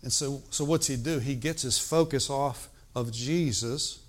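Animated man preaching a sermon. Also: mid-range voice, a little slow. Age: older. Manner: animated, emphatic, shifts between loud and hushed.

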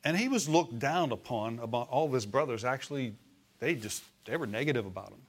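A man preaches at a middle pitch, easy and conversational. He keeps checking in with his listeners, asking questions as he goes. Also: expressive, fairly quick, breathy edge. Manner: acts out voices in quotes. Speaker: pastor. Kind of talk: sermon.

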